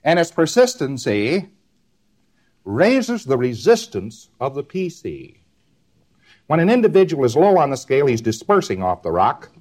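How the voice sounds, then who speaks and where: A man's voice: medium pitch, very animated, a little slow, a little mellow. A man giving a recorded lecture, rambling and repeating words in rhythmic runs, often ending on a tag question.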